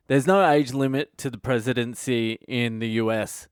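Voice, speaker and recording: A man's voice: mid-range voice, steady tone, normal speed, clear, resonant tone, dry recording, studio quality. An Australian man, a comedian hosting his own podcast, delivering a crude, swearing comedic rant. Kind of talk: comedic monologue.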